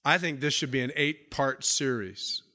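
Preaching at a normal pace, a man in the role of pastor hammers home his points by repeating key phrases and asking questions. For stress, he lets his voice sink low and soft.

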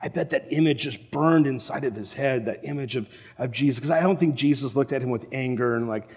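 A man preaching a sermon as a pastor, animated and acting out the voices of the people in the story. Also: medium pitch, brisk. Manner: animated, acts out the quoted voices. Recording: long reverb of a large hall.

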